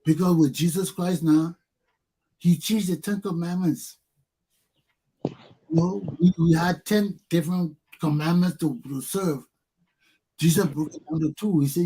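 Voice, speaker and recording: A man hosting a talk show who discusses scripture in a preachy, animated way and acts out the quotes he cites. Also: fairly high pitch, measured pace, pauses often, breathy edge. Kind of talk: casual religious discussion.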